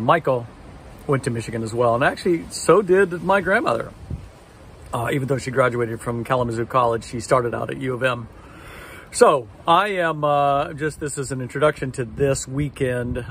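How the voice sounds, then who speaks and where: A man records a casual vlog on his phone out on a deck, chatty and wry, poking fun at himself. His voice sits at an ordinary middle pitch. Steady outdoor noise runs under it. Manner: chatty, wry, self-deprecating. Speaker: vlogger.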